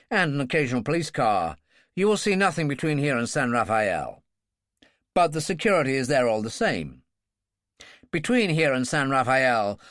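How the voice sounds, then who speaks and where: A male narrator voicing a brisk, reassuring security general. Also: medium pitch, a bit bright, dry recording, clean studio sound.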